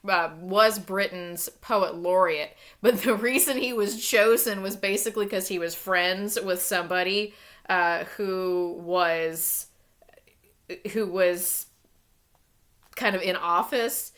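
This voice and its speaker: Woman librarian, casual book chat, bright tone, amused and rambling. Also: mid-range voice, slow pace. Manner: chatty, amused, frequent fillers and restarts.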